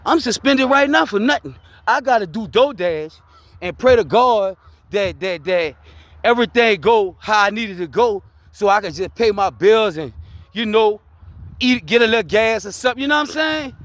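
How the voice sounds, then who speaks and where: A man with a Louisiana accent, a vlogger sharing his life story, talks casually about hard lessons and faith in a preachy street style, repeatedly asking "you heard me?" His high-pitched voice is fairly bright with lively intonation and a moderate pace, recorded with no room sound.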